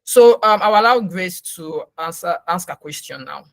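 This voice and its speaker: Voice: medium pitch, lively intonation, normal speed, creaky, fairly bright tone, dry recording. Session moderator, mid-range voice, dry sound, loose casual advice, video call. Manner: loose, with frequent fillers and restarts, checking in with "okay". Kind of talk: casual advisory talk.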